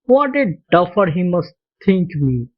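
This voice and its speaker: A man playing a flustered, hapless young gentleman. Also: sits high, very animated, measured pace, voice pushed down. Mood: dismayed. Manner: flustered, self-reproaching. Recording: dull lo-fi recording.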